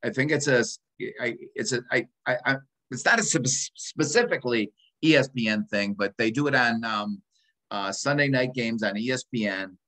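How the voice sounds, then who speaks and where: On poor audio, a man in his sixties with a medium-pitched, sharp-toned voice co-hosts a casual podcast chat at a moderate pace. He rambles, interrupting himself and filling gaps with lots of ums and uhs.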